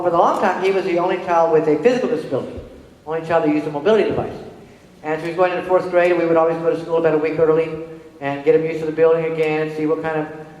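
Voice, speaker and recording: Middle-aged woman speaker, lively storyteller who acts out each quote, echoey hall sound. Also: low voice. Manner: animated, acts out dialogue in quoted voices. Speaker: speaker on disability inclusion. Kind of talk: storytelling presentation.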